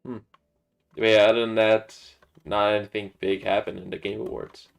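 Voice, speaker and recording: A man's voice: fairly low pitch, little pitch movement, moderate pace, vocal fry, clean tone. A young man hosting a gaming livestream, chatting loosely with friends. He hesitates a lot, stammering and filling gaps with "uh" and "um". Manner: hesitant, stammering, full of fillers. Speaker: streamer and host. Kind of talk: casual gaming livestream chat.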